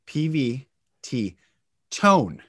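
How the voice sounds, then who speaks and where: A middle-aged man hosting an inspirational spiritual talk, earnest and emphatic, swinging his pitch and loudness for effect. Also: very animated, very slow. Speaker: podcast host and speaker.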